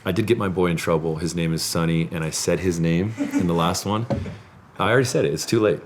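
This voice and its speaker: Man, very low voice, animated, laughs a lot, casual podcast chat. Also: fast talker, background noise. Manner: animated storytelling, laughs often. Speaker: podcast host. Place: studio.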